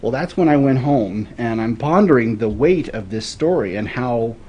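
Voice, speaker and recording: A man's voice: mid-range voice, lively intonation, normal speed, mellow, husky, lo-fi sound. A man in his forties from Florida, a guest telling stories in an earnest, thoughtful way in a casual interview.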